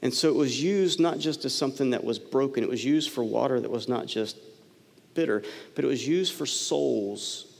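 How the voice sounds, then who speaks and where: A man's voice: medium pitch, normal speed, creaky. Man preaching in a reverberant hall. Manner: conversational preaching with sudden soft drops and emphatic rises. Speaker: pastor. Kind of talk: sermon.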